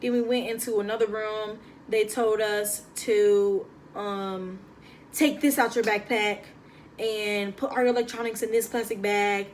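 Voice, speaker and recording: Young woman, animated storyteller, phone propped on a table at home, light hiss. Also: mid-range voice, a little slow. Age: young adult. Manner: chatty, animated, slangy. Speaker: vlogger. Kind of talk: casual storytelling vlog.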